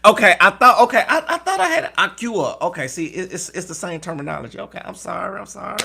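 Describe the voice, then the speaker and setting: Fast and forceful, this man's high, bright voice has lively intonation, creakiness and a breathy edge. He reads tarot on a casual livestream, often checking "okay?" with viewers and laughing when he trips over his words.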